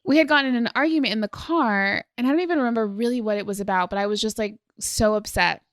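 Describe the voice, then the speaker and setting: Woman host, higher voice, chatty storytelling, dry close mic. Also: quick pace, no room sound. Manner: warm-toned storytelling, casual with fillers and swearing. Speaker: podcast host. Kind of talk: casual podcast conversation.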